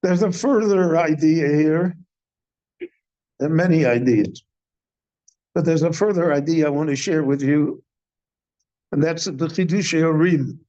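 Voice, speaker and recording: An older man, a rabbi, giving a slow, deliberate Torah class in a synagogue, posing questions and then answering them. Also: a little high, warm tone, lo-fi sound. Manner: measured teaching, poses questions and answers them.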